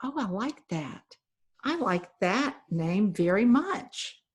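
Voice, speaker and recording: An eager, simple-minded stray dog, earnest and plain-spoken in short, eager sentences, as a woman reads him aloud in a storybook reading. His voice sits at a middling pitch. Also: very animated, slow pace.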